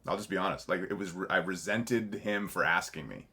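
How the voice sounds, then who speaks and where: Deep-voiced man, rambling and candid. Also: a little fast, bright, forceful tone, breathy edge. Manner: rambling, self-correcting, swears freely and laughs while telling stories. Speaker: podcast guest, actor. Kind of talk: candid conversational interview.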